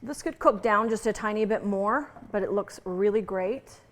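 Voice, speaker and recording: A woman's voice: mid-range voice, moderate pace. A woman chef teaching a recipe in a kitchen, chatty and playful with jokey asides. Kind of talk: casual home cooking demonstration.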